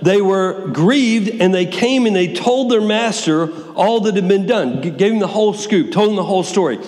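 A man preaching a sermon, reading scripture aloud with lively swings between soft asides and raised, dramatic passages. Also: normal speed. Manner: lively, wide swings in pitch and loudness, reads scripture dramatically. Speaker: pastor. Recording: long hall reverb.

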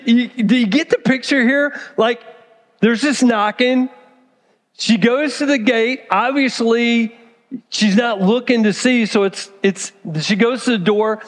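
Brief: high-pitched male pastor, animated sermon storytelling, long reverb of a church hall. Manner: animated storytelling, acts out characters.

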